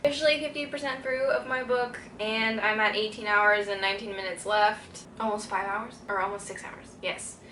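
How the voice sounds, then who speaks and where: A woman's voice: mid-range voice, steady tone, normal speed, hardly any pauses, reverberant, background noise. A young woman chatting casually to camera in a reading vlog, giggly and full of "like" fillers. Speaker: reading vlogger. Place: indoors during a stay abroad.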